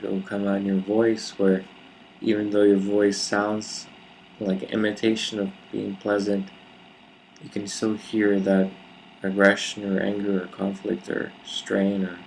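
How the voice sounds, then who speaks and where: A man giving a reflective solo talk to camera, explaining ideas in a slow, measured, deliberate way with pauses. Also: on the low side, gravelly, darkish tone, a little hiss or hum, poor audio. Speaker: video speaker.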